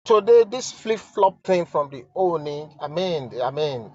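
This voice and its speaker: A Nigerian man giving emotional, halting commentary while reading a letter aloud, stammering and sighing as he repeats himself. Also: fairly high pitch, animated, mellow, dull audio. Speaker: online commentator.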